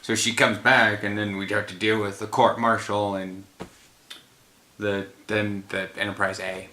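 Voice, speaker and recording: A worn-out man chatting casually as host, rambling and leaving thoughts half-finished. His voice is on the low side with a bright, forceful edge. The room gives it a roomy echo. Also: flat delivery, a little slow. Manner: rambling, trailing off mid-thought. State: tired after a run. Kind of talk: casual film chat.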